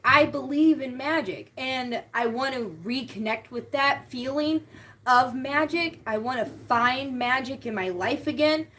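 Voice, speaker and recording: A woman's voice: a little high, fairly bright tone. A woman hosting a spiritual live stream, talking casually and heartfelt, often repeating her key words.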